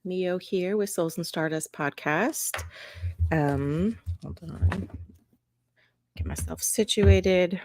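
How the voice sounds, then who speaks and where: Speaking slowly in a lowish, animated voice, a woman who hosts an astrology podcast and gives readings chats casually, rambling and breaking into her own sentences. She's filmed at home, and there's noticeable background noise.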